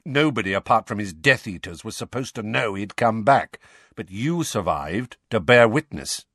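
A man voicing an intense adult wizard, speaking with loud, emphatic delivery. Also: on the low side, lively intonation, normal speed, slightly rough, no echo, clean studio sound, exaggerated voice. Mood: earnest.

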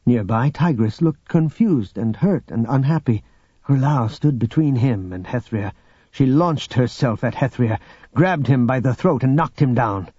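A man narrating an audiobook in a steady, expressive storytelling manner. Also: medium pitch, measured pace, slightly rough, no echo. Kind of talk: scripted narration. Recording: dull lo-fi audio with music.

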